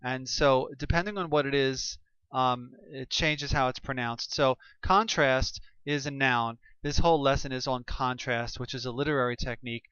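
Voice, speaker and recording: A man talks through a lesson in a relaxed, unscripted way, stumbling often and circling back with fillers as he explains. His voice is smooth and resonant, heard close and dry on a slightly dull, lo-fi recording. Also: mid-range voice, no echo. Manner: halting, many fillers and restarts. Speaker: teacher.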